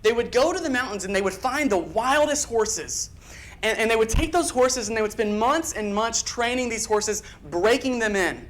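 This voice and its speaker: A man's voice: very high-pitched, a bit bright. Earnest man preaching a church sermon. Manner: earnest, emphatic delivery with quick bursts and repeated phrases. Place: church sanctuary.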